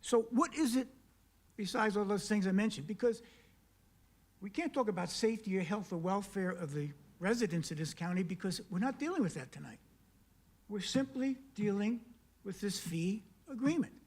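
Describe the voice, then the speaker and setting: A man's voice: high-pitched, animated, moderate pace, husky. A man speaking at a county council meeting, making an emphatic public comment full of pointed questions and repeated key words. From South Carolina. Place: council chamber.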